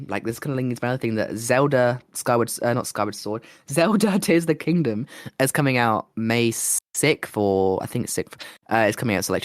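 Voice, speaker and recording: Guy, voice going hoarse, rambly podcast chat, dry close mic. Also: medium pitch, no echo. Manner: rambling, lots of "like" and restarts. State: hoarse, losing his voice. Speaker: podcast co-host and streamer. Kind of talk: casual chat.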